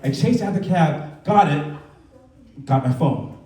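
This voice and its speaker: Unhurried and animated, a man in his thirties with a warm, slightly high voice works a comedy club stage in a loose, chatty set. He acts out voices to audience laughter, heard with roomy club acoustics from far away.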